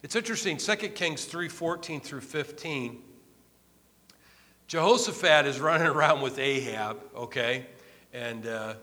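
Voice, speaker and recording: A man preaching a sermon in a conversational storytelling way, repeating phrases and filling pauses. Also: fairly high pitch, pushed and bright. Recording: long hall reverb.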